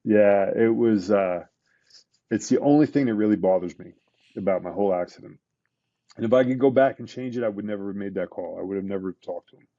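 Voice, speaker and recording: A middle-aged man, a retired police detective, telling a painful story in a casual podcast interview, with halting restarts and fillers. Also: lowish voice, mellow, dry recording, muffled recording. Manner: emotional, halting retelling with many restarts and fillers.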